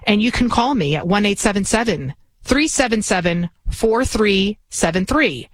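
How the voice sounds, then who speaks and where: A woman's voice: mid-range voice, lively intonation, moderate pace, rough recording. A woman in her forties hosting talk radio, telling a story in an indignant, ranting way. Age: 40s. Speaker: radio talk show host.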